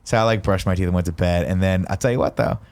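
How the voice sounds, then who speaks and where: Fast-talking low-voiced man telling a story. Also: soft background music. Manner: animated storyteller, acts out quotes. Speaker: podcast co-host. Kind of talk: casual chat, storytelling.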